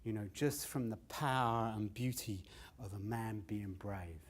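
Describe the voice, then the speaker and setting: A man's voice: fairly low pitch, unhurried. An older man telling stories on stage, loose and sweary, often laughing at his own tales. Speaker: storyteller and comedian. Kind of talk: live standup storytelling.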